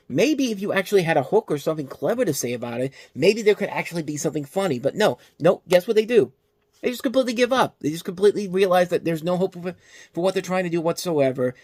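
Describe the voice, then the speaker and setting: A man's voice: high voice, fast talker, dry recording, studio quality. Exasperated male film reviewer ranting. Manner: animated ranting, exasperated, self-interrupting. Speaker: film review show host. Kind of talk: casual movie review monologue.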